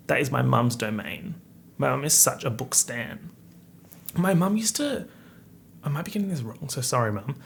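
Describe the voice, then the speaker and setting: A man's voice: mid-range voice, fairly bright tone, slight background noise. A young man, hosting a casual solo podcast chat full of playful slang and asides. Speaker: podcast host.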